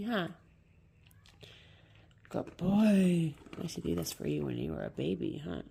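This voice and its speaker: A woman talking in a soothing, teasing sing-song to her pet dog, sometimes dropping to a soft near-whisper. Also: fairly low pitch, expressive, unhurried, creaky, husky. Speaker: dog owner.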